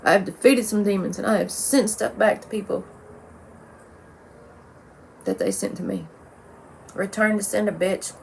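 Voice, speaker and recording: A woman's voice: mid-range voice, fairly even intonation, normal speed, creaky, long pauses, slight background noise. A woman talking bluntly and profanely in a rambling casual monologue, with lots of "like"s. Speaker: vlogger.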